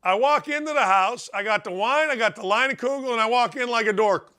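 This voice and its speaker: Speaking briskly in a very high-pitched, clean tone, a middle-aged man hosts a sports talk show. He ribs his listeners throughout an animated monologue that's brash and folksy.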